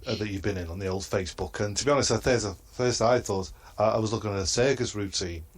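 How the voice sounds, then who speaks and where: A man doing a comedy roast in a halting, hesitant delivery and chuckling at his own crude jokes. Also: on the low side. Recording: noisy line.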